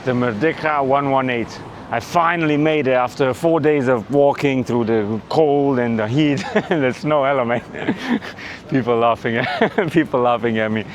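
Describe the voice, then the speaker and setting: A man's voice: medium pitch, normal speed, a little hiss or hum. A man from Romania recording a casual travel vlog outdoors on city streets, rambling and joking and swearing now and then. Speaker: travel vlogger. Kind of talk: casual walking vlog commentary.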